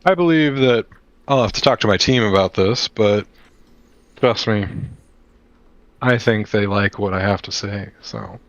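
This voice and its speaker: A man's voice: lowish voice, unhurried, long pauses, fairly bright tone, no room sound, highs cut off. A man playing a frank adventurer who bargains for his team in a loose, conversational way. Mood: bargaining. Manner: loose and conversational, full of fillers.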